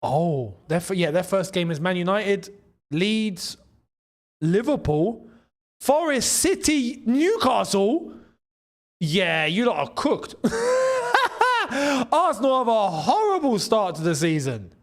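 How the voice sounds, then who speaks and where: A young man with a London accent hosts a live football watchalong, reacting to the match and thanking viewers for their messages. His voice sits high and swings widely in pitch. He keeps it chatty and laughs often. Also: very animated, slow. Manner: chatty, laughs often, reads out super chats. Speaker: watchalong host. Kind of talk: casual live match commentary.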